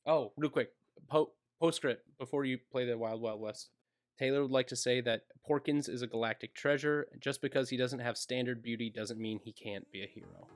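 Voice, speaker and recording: A man's voice: medium pitch, fairly even intonation, brisk, faint music behind. A man hosting a podcast, chatting loosely and joking through the sign-off. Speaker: podcast host. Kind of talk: casual podcast chat and outro.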